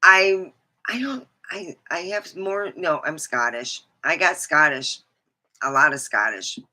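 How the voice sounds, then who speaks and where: A woman hosting her own livestream, talking slowly and wandering from one thought to the next. Her voice is bright and a little sharp, and her speech is frank and peppered with casual curses. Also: sits low, lively intonation. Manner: rambling, frank and profane. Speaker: host.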